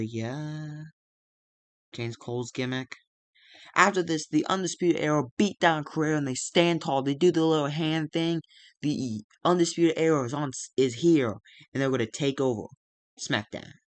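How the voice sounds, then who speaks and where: A young man talks through a wrestling simulation game in a loose, casual way, recapping each match. His voice sits a little high, and the recording is dry and close to the mic. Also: no echo. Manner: recaps matches and briefly acts out wrestlers' lines in quick, squeaky outbursts. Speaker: wrestling sim game player narrating. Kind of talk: casual let's-play narration.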